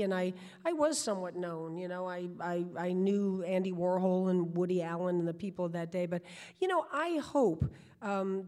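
Animated New woman in her sixties. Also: mid-range voice. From New York. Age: 60s. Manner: animated, with frequent restarts. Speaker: guest. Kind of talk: storytelling.

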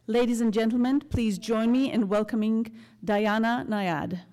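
A woman's voice: a little high, steady tone, measured pace, mellow, a little hiss or hum. A woman announcer reading a formal introduction at an event in a polished way. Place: event hall. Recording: long hall reverb.

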